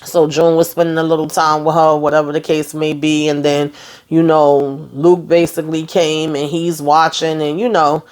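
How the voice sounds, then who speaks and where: A woman's voice: deep voice, flat delivery, moderate pace, a little mellow. A woman hosting a casual TV episode recap, sassy and colloquial, talking back to the characters. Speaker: TV recap host.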